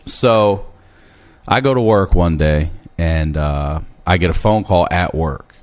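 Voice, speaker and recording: A man in his thirties telling a long story on a podcast, animated and swearing freely. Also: sits low, takes it slowly. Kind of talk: casual storytelling chat.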